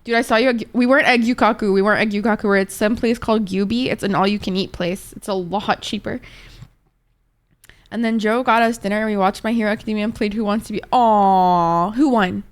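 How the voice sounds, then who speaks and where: A woman's voice: mid-range voice, fairly even intonation, fast. A woman streaming live and chatting casually with her viewers, rambling laid-back and swearing freely as she answers chat messages. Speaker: Twitch streamer.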